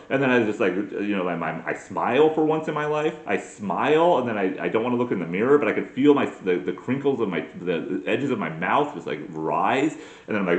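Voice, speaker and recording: A man's voice: mid-range voice, lively intonation, brisk. Rambling crude male comic in a roomy space. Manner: crude, digressive, self-mocking, swings into put-on voices. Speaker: comedy podcast host. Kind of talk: rambling comedic monologue.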